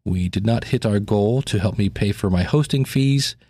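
A man's voice: fairly low pitch, moderate pace, dark tone, slightly rough, no echo, studio quality. A man hosting a podcast, talking through a gadget review in a casual, chatty way with fillers and restarts. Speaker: podcast host.

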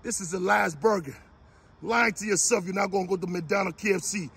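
A man with a raspy, gravelly voice giving a fiery motivational speech, shouting repeated exhortations like a preacher. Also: high-pitched, a little fast. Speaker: motivational speaker.

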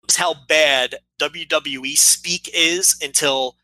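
A man's voice: a little high, steady tone, slow, pushed and bright, dry recording, low-quality recording. A man co-hosting a wrestling podcast, telling stories with wry exasperation in casual chat. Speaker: podcast co-host.

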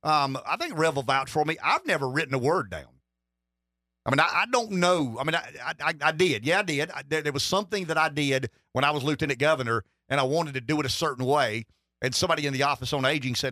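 A man's voice: medium pitch, expressive, fast talker, sharp tone, no echo, studio quality. A middle-aged man hosting a political talk radio show, rambling and wry, with lots of restarts. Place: radio studio.

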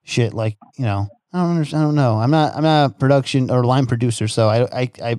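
A man hosting a relaxed chat, mid-pitched, rambling through restarts and fillers. The sound is dry and close. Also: fast talker, clear, resonant tone, dry recording. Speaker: podcast host. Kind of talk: casual chat.

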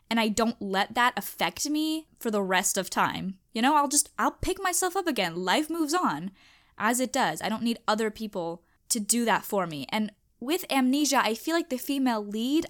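A young woman hosting a podcast, chatting casually and emphatically on her own, animated and self-reflective. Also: a little high. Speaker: podcast host. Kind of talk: casual solo chat.

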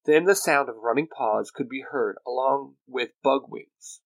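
A man's voice: medium pitch, unhurried, dry recording, rough recording. A man reading the narration of a fan-made superhero audio drama. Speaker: storyteller.

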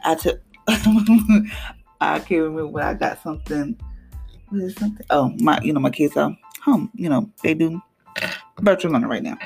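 Gravelly woman giving an emphatic devotional talk. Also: deep voice, moderate pace, long pauses, faint music behind. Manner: emphatic, animated, acts out what she said to others. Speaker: devotional podcast host.

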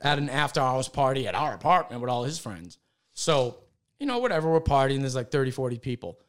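A man's voice: mid-range voice, a little fast. A man, a stand-up comedian, telling a rowdy story in casual chat, swearing freely and acting out the people in it. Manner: profane, animated storyteller acting out voices.

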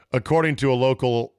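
A man hosts a sports talk show with a brash, joking delivery and quick asides. His voice sits in an ordinary middle register. The mic is close and dry, with no room sound. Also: medium pitch, darkish tone, smooth, no room sound. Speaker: podcast host.

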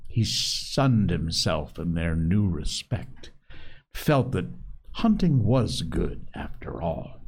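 Slow, husky dramatic man narrating. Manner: dramatic, expressive reading with big pitch swings. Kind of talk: audiobook narration.

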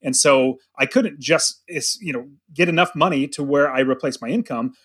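Higher-voiced man hosting a business chat. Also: moderate pace, fairly bright tone, husky. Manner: asks long framed questions, voices hypothetical listeners. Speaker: podcast host. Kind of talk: casual business interview.

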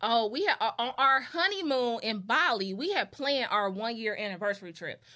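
A woman's voice: a little high, lively intonation, normal speed, pushed and bright. A woman in her thirties telling a story in a casual chat and talking straight to the audience as y'all. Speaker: guest.

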